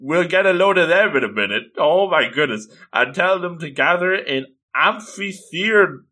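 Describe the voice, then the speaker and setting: Bright-voiced guy chatting through a manga, jumpy pitch, keeps chuckling. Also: a little slow. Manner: animated, joking, chuckling asides. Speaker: manga reviewer. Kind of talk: casual manga read-through commentary.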